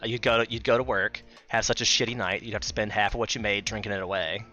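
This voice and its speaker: A man in his thirties hosting a casual podcast chat, telling animated stories with swearing. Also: on the low side, quick pace, muffled recording, soft background music. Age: 30s. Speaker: podcast host.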